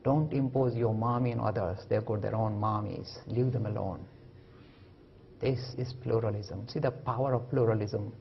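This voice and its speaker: A man's voice: on the low side, normal speed, vocal fry, dull audio, a little hiss or hum. A man giving a lecture on religion, telling anecdotes and acting out the voices in them. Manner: animated, acts out voices in anecdotes. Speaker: speaker on religion. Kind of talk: lecture with storytelling.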